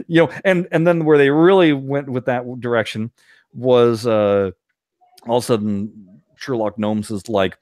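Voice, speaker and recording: A man co-hosting a podcast, chatting casually and retelling scenes with lively put-on voices. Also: medium pitch, a little slow, pauses often, no room sound, clean studio sound. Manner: animated storyteller, puts on silly voices when retelling scenes. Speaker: podcast co-host. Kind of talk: casual chat.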